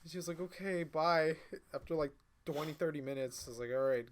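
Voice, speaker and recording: A man's voice: a little high, fairly quick, a little hiss or hum. A man, a podcast co-host, telling a long casual story among friends, swearing freely and acting out both sides of the dialogue. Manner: rambling, swearing, acts out both sides of dialogue, laughs mid-sentence.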